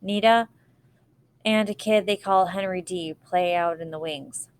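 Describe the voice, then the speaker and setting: A woman reading a novel aloud with steady, even narration. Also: lowish voice, unhurried, slight background noise. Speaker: reader.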